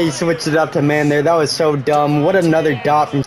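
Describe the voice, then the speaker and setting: A young man giving live commentary on his own video game, talking casually, swearing, and yelling at big plays. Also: a little high, little pitch movement, fairly quick, soft background music. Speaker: gaming streamer.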